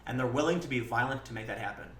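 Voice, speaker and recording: A man's voice: medium pitch, rapid-fire. Blunt, profane man in an echoey room. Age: 30s. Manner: blunt and profane, with frequent restarts; acts out his past self in animated quoted lines. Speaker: live stream host. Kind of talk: casual storytelling monologue.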